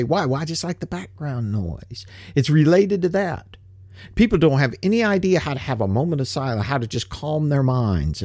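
A man's voice: medium pitch, a little mellow, no room sound, studio quality. An older man, hosting a show and ranting in a blunt, folksy, profane way full of rhetorical questions. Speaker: podcast host. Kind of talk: casual rant.

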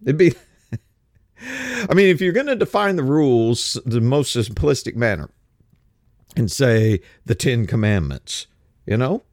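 A middle-aged man speaking in a casual spoken monologue, halting with many restarts and rhetorical questions. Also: medium pitch, sing-song, no room sound, studio quality.

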